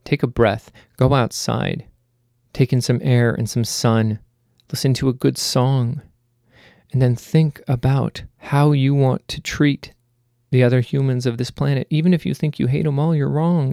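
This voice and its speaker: A man's voice: mid-range voice, fairly even intonation, unhurried, gravelly, mellow, no room sound, clean studio sound. A man hosting a casual monologue. He rambles with self-mocking jokes and then turns earnest and pleading. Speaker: host.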